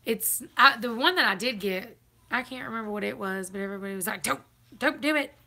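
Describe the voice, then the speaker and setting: A woman's voice: medium pitch, fast talker, pushed and bright. A woman chatting casually on a live stream, laughing often. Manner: chatty, laughs often, Southern turns of phrase.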